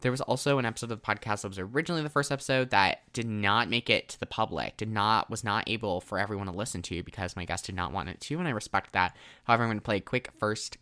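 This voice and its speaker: A man's voice: on the low side, fast talker, sharp tone. A teenage boy hosting his own podcast, talking in an emotional, effusive, chatty way. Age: teens. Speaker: podcast host. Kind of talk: casual solo podcast monologue.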